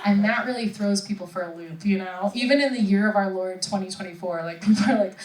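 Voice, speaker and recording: A woman's voice: medium pitch, expressive, fast talker. A woman in her thirties doing stand-up with crowd work, chatty and self-mocking, laughing often. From Rochester, New York. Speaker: stand-up comedian. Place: comedy club stage. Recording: echoey room, far mic, loud crowd.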